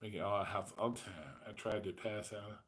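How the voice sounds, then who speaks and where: A man's voice: lowish voice, flat delivery, normal speed, fairly bright tone, slight background noise. A man in his forties hosting a casual livestream chat, telling rambling, profane stories. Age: 40s. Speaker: host.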